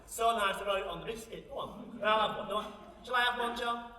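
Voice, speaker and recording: A man's voice: high voice, quick pace, very noisy, close to an everyday voice. A man playing a bawdy, gossipy older Sheffield housewife with a Yorkshire accent, chatting in a comic monologue on stage in a large hall. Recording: echoey hall from far off.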